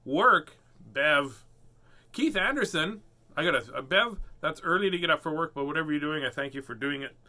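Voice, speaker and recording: A man's voice: fairly high pitch, bright, forceful tone. A man hosting a casual live read-aloud of children's books, playful and goofy, often laughing at himself. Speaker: host reading children's books.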